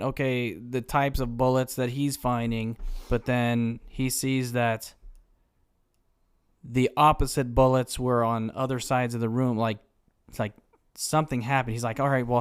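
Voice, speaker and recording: A man co-hosting a casual podcast, talking about a film in an easygoing, relaxed way. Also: mid-range voice, clean tone. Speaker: podcast co-host. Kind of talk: casual chat.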